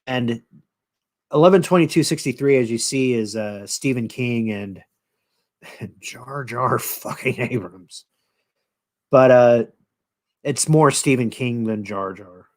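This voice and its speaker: A man's voice: mid-range voice, takes it slowly, pauses often, darkish tone. A man hosting his own channel, casually retelling a show in a rambling, profane way with lots of fillers. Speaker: channel host.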